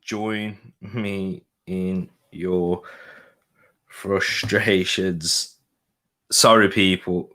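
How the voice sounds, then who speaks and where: A man's voice: low-pitched, fairly even intonation, extremely slow, pushed and bright. A man hosting a live football watch-along, talking in an exasperated, rambling way and repeating himself.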